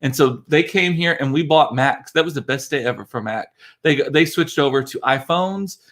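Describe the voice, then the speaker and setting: A father hosts a casual livestream from his home computer, chatting and laughing at himself. His voice is fairly high and a bit bright, at normal speed, recorded on the computer mic.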